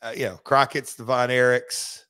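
A man hosting a podcast in casual chat, speaking haltingly and restarting often. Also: mid-range voice, little pitch movement, pushed and bright, clean tone. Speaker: podcast host, former wrestler.

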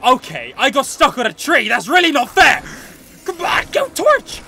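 A man giving excitable, joking let's play commentary, often shouting and swearing at the game. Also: very high voice, moderate pace, gravelly, a little hiss or hum. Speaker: gaming channel host.

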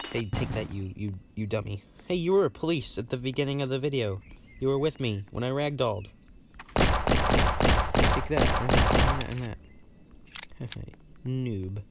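This gaming channel host has a medium-pitched, animated voice and talks fairly quickly, rambling and laughing through casual gameplay commentary. He records indoors at home on a bunk bed amid loud background noise.

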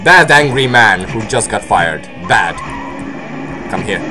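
A young man commentating on his own gameplay, joking, swearing and bursting into excited shouts. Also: fairly low pitch, slow, faint music behind. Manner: excitable, swearing, jokey outbursts. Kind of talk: let's play commentary.

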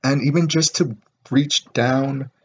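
Man vlogger, mid-pitched and husky; profane, rambling rant on a dull lo-fi recording. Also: steady tone, takes it slowly, a bit bright, slight background noise. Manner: profane, rambling, heavy filler words. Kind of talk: casual rant to camera.

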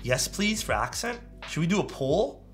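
A man's voice: on the high side, big pitch swings, normal speed, fairly bright tone, faint music behind. A man building a keyboard live on stream, chatting casually, thinking aloud and answering his chat.

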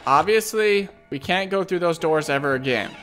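A man's voice: on the high side, lively intonation, normal speed, over music. A man commentating a horror game, jumpy and jokey, swearing often as he panics. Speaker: gamer.

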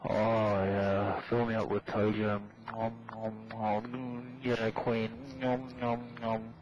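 A man's voice: fairly low pitch, completely flat delivery, takes it slowly, muffled recording, noisy background. A man jeering at another player in online game voice chat with sing-song mockery. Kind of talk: trash-talking game voice chat.

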